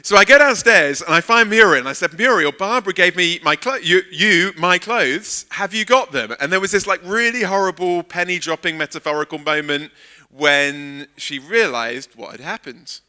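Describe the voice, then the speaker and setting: Animated, bright-voiced preacher. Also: male voice, high voice, normal speed. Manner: animated storyteller, acts out quoted dialogue. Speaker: guest preacher. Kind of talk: sermon with a humorous personal anecdote. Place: church service.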